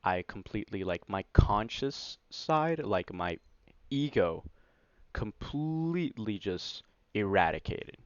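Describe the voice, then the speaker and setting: Guy with a low voice rambling thru a story on his vlog, lots of like and you know, kinda muffled dry audio. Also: slow, no echo. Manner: excited, animated retelling. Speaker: vlogger. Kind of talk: casual first-person storytelling. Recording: dry, slightly dull lo-fi recording.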